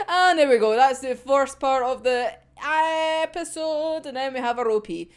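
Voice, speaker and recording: A woman's voice: high-pitched, a little slow. A young woman giggling and swearing freely as she recaps an anime episode, acting out the characters' lines. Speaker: anime reviewer. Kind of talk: casual episode discussion.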